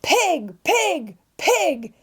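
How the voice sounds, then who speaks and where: A woman voicing an enraged young male sailor who shouts his defiance at the top of his lungs. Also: extremely high pitch, very animated, extremely slow, voice pushed up, full character voice. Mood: furious.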